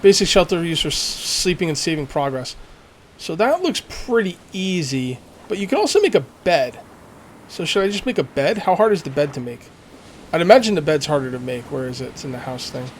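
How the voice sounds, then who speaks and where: A man's voice: a little high, big pitch swings, brisk, a little hiss or hum. A man casually commenting while playing a survival game, thinking aloud and making jokey asides. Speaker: let's play gamer.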